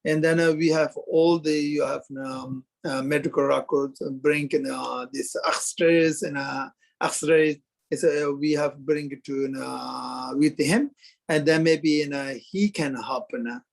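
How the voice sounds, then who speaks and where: A Tibetan-accented man in his fifties recounts his experience in an interview. His speech is slightly raised in pitch and comes slowly, broken by frequent hesitations and fillers as he searches for words in English, his second language after Tibetan. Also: steady tone, creaky. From Kham, Tibet. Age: 50s. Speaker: Buddhist lama telling his story. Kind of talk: halting interview storytelling.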